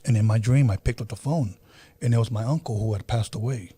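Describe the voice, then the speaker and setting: A man's voice: on the low side, fast talker, mellow, slightly rough, dry recording. A man hosting a podcast, telling a story in an earnest, casual way and often repeating himself. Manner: earnest, repeats himself, acts out quoted voices. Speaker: podcast host.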